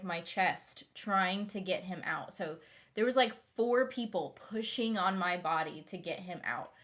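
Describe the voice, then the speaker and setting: A woman's voice: mid-range voice, a bit bright. A young woman telling a long personal story in a casual vlog, rambling with fillers and restarts. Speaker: vlogger.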